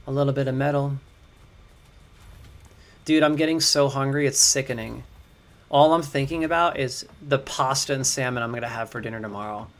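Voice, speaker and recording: A young man chatting excitedly to his viewers while building in a game, slangy and easily distracted. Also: medium pitch. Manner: chatty, hyped, slangy, talks to chat as crew. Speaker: game streamer. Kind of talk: casual livestream commentary.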